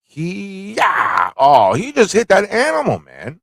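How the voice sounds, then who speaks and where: Excitable, slangy male stream host. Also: sits high, slow pace, creaky, dry recording, clean studio sound. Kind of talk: live comic review stream.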